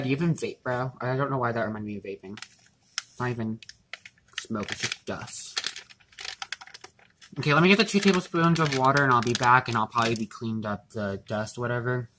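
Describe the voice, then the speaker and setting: A man's voice: mid-range voice, background noise. A young man chatting casually in his home kitchen while baking for his vlog, rambling and self-mocking, with lots of fillers and swearing. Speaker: vlogger.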